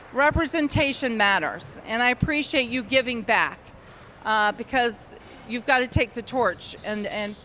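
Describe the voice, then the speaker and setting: A woman in her sixties with a high, bright, forceful voice addresses a crowd at an awards ceremony. She projects loudly so a big indoor gym can hear her, talking warmly and plainly to the young players. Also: a little hiss or hum. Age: 60s. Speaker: event host and organization founder. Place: indoor gymnasium.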